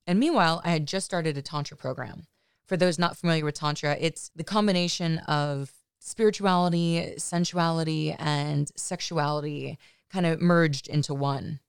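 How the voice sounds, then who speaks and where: A woman's voice: sits low, normal speed, gravelly, smooth, no room sound, studio quality. A woman podcast host telling a personal story in a candid, chatty way, often adding "you know" asides.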